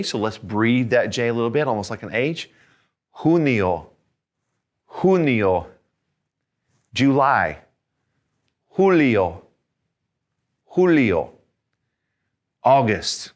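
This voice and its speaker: A Spanish teacher leads a video language lesson, his voice on the lower side and his manner encouraging. He says each word slowly and repeats it so learners can echo him.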